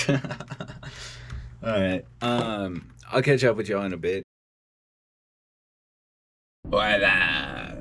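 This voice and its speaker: A sleep-deprived young man talks in a slow, drawn-out way, rambling and cursing with frustration in a video diary. His voice sits very low. Steady car noise runs clearly under him. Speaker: vlogger.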